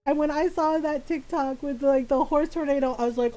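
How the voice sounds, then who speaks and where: A woman streamer telling family stories in casual chat, animated and laughing often. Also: high voice, a little fast.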